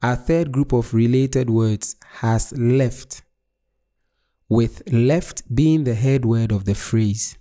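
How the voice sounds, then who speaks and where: Slow, mellow-voiced male English teacher. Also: mid-range voice. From West Africa. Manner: slow, measured, deliberate explanation. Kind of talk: scripted lesson narration.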